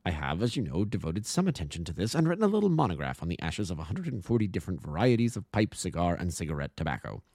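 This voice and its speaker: A man's voice: sits low, big pitch swings, quick pace, few pauses, darkish tone, no echo, clean studio sound, heavily acted. A man reading an audiobook, voicing a brilliant male detective who lays out his deductions in a methodical, lecturing way. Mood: explaining.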